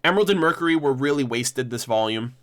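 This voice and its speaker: A man's voice: medium pitch, lively intonation, quick pace, fairly bright tone. A man hosting a casual livestream discussion, rambling with many restarts and some swearing. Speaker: livestream host.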